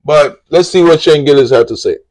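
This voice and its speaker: A man talks over a stream in a fairly high voice, reacting to clips. He rambles and swears freely, animated in an offhand, casual way. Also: fairly quick, rough recording.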